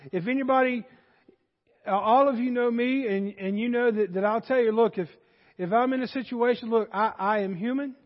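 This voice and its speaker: High-voiced Southern preacher in an echoing hall. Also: male voice. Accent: Southern American. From Southern United States. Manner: folksy, rising to emphatic preaching. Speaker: pastor. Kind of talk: sermon. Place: church sanctuary. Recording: dull lo-fi sound in a reverberant hall.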